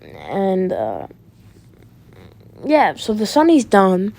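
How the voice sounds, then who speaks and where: A woman's voice: medium pitch, wildly swooping pitch, extremely slow, vocal fry, a little mellow. A woman telling an improvised story in a rambling, casual way, full of fillers and restarts and free with swearing. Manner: swears freely. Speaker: fan storyteller.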